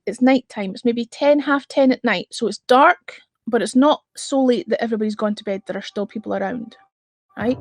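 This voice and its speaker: A woman's voice: mid-range voice, slightly rough, dry recording. A middle-aged woman, telling a comic story on a casual livestream and swearing freely. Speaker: livestream host.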